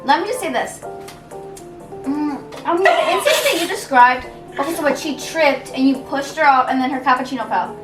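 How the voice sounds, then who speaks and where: A young woman co-hosting a casual chat show, blunt and quick with sarcastic remarks. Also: high voice, animated, distant mic. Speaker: podcast co-host. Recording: echoey room, voice off-mic, music behind.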